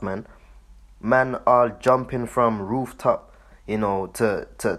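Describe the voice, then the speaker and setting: A man giving loose, profane commentary on a video, laughing often and repeating himself. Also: mid-range voice. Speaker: online commentator.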